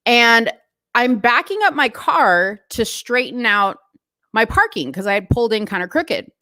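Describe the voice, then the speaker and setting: Female vlogger, casual storytelling rant, slightly high, dry close sound. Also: unhurried, no room sound. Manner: chatty, animated retelling with asides.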